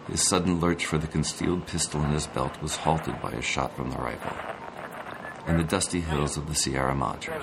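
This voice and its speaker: Very deep male story narrator, deliberate, noisy recording with vehicle rumble. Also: gravelly.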